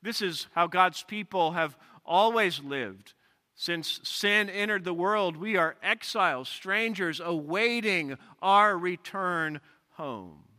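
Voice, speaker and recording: A male pastor with a high, pushed, bright voice preaches slowly in a large church sanctuary, reading scripture aloud and explaining it through personal stories in an expository sermon. The hall's long reverb trails his words.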